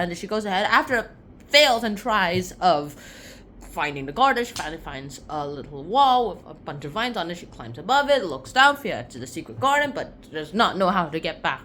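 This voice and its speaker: A woman casually summarizing a book for her video audience in a rambling, self-interrupting way. Her pitch rises and falls with animated energy, and a faint hum of ambient noise runs underneath. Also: moderate pace.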